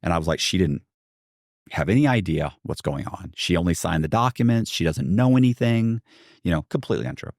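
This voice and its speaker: Man, deep voice, dry close sound, animated storytelling, acts out quotes. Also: quick pace, no room sound. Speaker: guest. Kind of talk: storytelling in a podcast interview.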